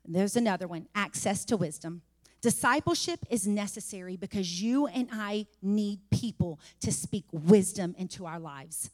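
A woman preaching a sermon in a church, testifying and rising to fervent shouts. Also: mid-range voice, expressive, normal speed, in a large hall. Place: church sanctuary.

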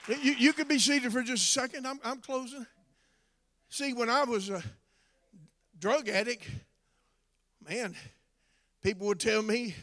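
Male preacher, high and bright-edged, testimony and shouted exhortation. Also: fairly even intonation, moderate pace. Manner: builds from conversational storytelling to shouted exhortation. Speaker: former drug addict giving testimony. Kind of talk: sermon.

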